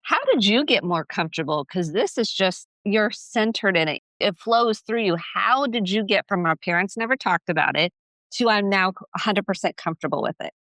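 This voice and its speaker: A woman's voice: mid-range voice, lively intonation, normal speed, a bit bright, no room sound. A woman hosting an interview podcast, asking curious questions and affirming her guest. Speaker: podcast host, therapist.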